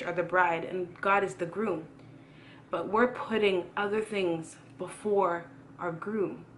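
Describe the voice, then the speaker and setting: A woman's voice: fairly low pitch, fairly bright tone, a little hiss or hum. A young woman giving a casual sermon, earnest and preachy, repeating phrases for emphasis. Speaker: youth Christian vlogger preaching.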